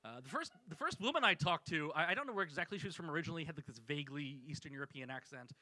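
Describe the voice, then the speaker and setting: Man, stand-up comic, high voice, very bright tone, dry close sound, wry storytelling, club stage mic. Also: expressive, racing, dry recording, low-quality recording. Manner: self-deprecating, wry storytelling. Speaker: stand-up comedian. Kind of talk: stand-up set.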